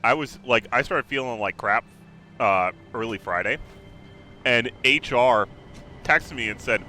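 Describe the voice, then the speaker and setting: A man's voice: medium pitch, a little slow, pauses often, sharp tone, slight background noise. A man with covid hosting a casual gaming chat, telling a story with lots of swearing and laughter. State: sick with covid. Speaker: host.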